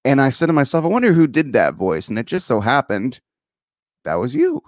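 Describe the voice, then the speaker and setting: A man's voice: mid-range voice, wildly swooping pitch, a little fast, dry recording. Rambling male host, dry sound. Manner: rambling, self-interrupting, laughs often. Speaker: podcast host. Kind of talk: casual interview.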